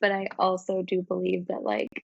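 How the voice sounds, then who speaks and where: A woman in her twenties co-hosts a podcast, laid-back and a little hedging as she weighs things up. Her voice carries a gravelly fry, and the dull, dry, lo-fi recording has no room sound. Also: fairly low pitch, monotone, normal speed, a little mellow, dry recording. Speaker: podcast co-host. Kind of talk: casual rant chat.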